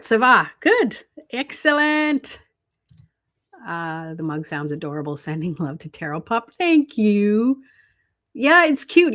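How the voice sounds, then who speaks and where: A middle-aged woman hosting a tarot live stream, chatting casually, laughing often and reading viewer comments aloud. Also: mid-range voice.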